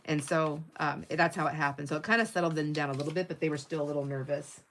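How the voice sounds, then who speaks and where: A woman's voice: low-pitched, steady tone, quick pace, a little hiss or hum. A middle-aged woman hosting a casual livestream, chatting and laughing often as she tells a story and reads viewer comments while working at a craft table. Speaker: livestream host.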